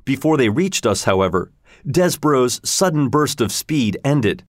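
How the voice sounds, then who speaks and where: A man narrating a storybook chapter in a plain, steady reading voice. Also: mid-range voice, a little slow, dry recording, clean studio sound. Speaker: audiobook narrator.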